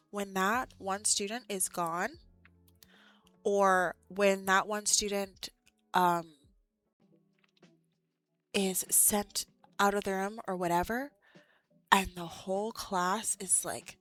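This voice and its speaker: A young woman, an art teacher, chatting casually on a livestream in an animated, exasperated way. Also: mid-range voice, slow pace, long pauses, dry recording, faint music behind. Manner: animated, exasperated ranting with laughs.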